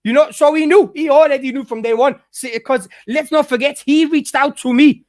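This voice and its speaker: A man's voice: extremely high pitch, moderate pace, a little mellow, no room sound, clean studio sound. A man ranting heatedly at a rival YouTuber, swearing often and restarting his sentences. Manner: heated, profane, repetitive restarts. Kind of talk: angry ranting vlog.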